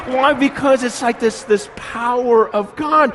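Animated high-voiced middle-aged male preacher. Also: measured pace, hardly any pauses, a little hiss or hum. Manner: animated, swings from soft to shouting. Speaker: pastor. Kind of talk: sermon.

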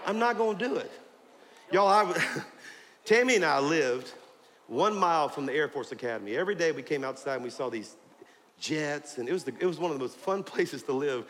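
A male pastor preaching a fervent sermon, shouting and calling out to his congregation in a church sanctuary. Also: on the high side, lively intonation, fairly quick. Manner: fiery, preaching with shouts and call-outs to the congregation. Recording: long hall reverb, faint crowd and noise.

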